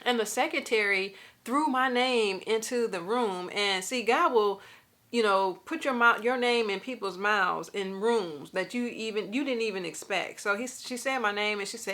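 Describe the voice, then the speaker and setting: Woman vlogger, mid-range pitch, bright tense tone, animated storytelling addressed to the viewer. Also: moderate pace. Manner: lively storytelling, talks straight to viewers; laughs through her stories. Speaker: faith and finance vlogger. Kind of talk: casual personal testimony.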